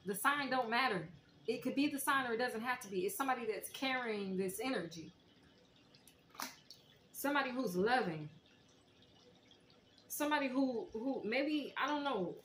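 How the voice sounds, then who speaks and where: A woman giving a heartfelt spiritual tarot reading, talking straight to her viewers in a preacherly way and sometimes softly singing. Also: a little high, expressive, normal speed, long pauses. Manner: emotional, preacherly, breaks into soft song. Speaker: tarot reader. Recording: echoey room with faint noise.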